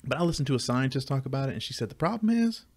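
A man co-hosting a casual podcast chat, animated and laughing often as he tells stories. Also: mid-range voice, rapid-fire, husky. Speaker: podcast co-host. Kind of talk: casual chat over beers.

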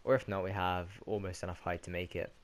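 Talking fast in a deep voice with little pitch movement, a British gaming commentator narrates a casual let's-play. His remarks ramble, and he corrects himself along the way.

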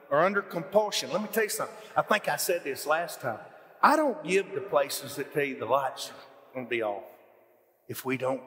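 Lively high-voiced preacher. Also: male voice, in a large hall. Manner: folksy, animated preaching with rising emphatic questions. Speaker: pastor. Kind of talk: sermon. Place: church hall.

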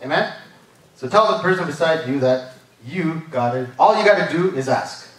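A man's voice: on the high side, expressive, moderate pace. Guy preaching at church, chatty, keeps asking right? amen?, sounds far off in a big echoey room. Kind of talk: sermon. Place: church service.

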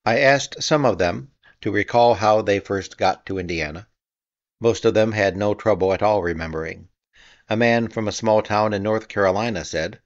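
Measured male audiobook narrator, low and dry. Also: dry recording, lo-fi sound. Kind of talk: scripted narration.

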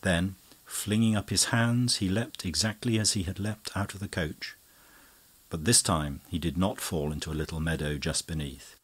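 A man narrating a classic mystery audiobook in a measured, low-key manner. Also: husky. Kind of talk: scripted narration.

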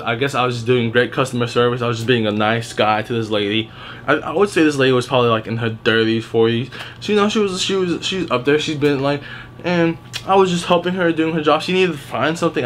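A man's voice: medium pitch, fast, fairly bright tone, a little hiss or hum. A young man telling work stories in a casual vlog, blunt and heavily profane, rambling with restarts. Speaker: retail worker telling stories.

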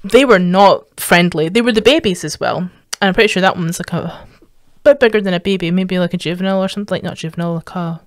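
A Scottish woman giving casual reaction commentary as a streamer, rambling and sweary, breaking into excited squeals and laughter. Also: lowish voice, quick pace, no echo, studio quality. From Scotland.

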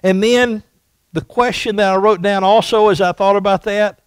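Male pastor preaching in church. High voice, slow and emphatic delivery, dry close sound. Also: steady tone, clean tone, no echo. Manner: emphatic, repeats rhetorical questions. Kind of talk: sermon. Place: church sanctuary.

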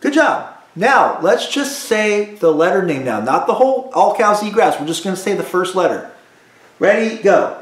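A music teacher drilling students through call-and-response practice, patient and repetitive. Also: male voice, high voice, big pitch swings, normal speed, reverberant. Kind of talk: recorded music lesson for students.

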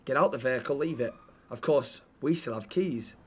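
A British man talking in character in a role-play game, eagerly pitching ideas and stumbling over his words. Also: normal speed, breathy edge.

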